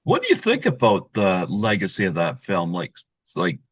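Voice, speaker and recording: A man hosts an interview podcast in a loose, easygoing way, padding his questions with fillers. His voice sits on the low side. The sound is dry and a little muffled. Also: wildly swooping pitch, moderate pace, fairly bright tone, breathy edge, no echo. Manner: easygoing, many fillers like "you know" and "um". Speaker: podcast host. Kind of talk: casual interview chat.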